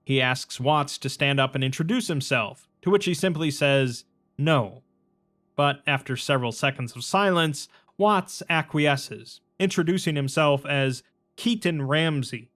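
A man's voice: a little high, unhurried, soft background music. Man narrating in a matter-of-fact tone. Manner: even, matter-of-fact retelling. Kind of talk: scripted narration summarizing a story.

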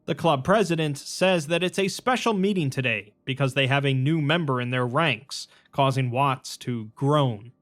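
A man's voice: mid-range voice, moderate pace, hardly any pauses, fairly bright tone, faint music behind. A man giving a scripted, matter-of-fact narration that retells a story.

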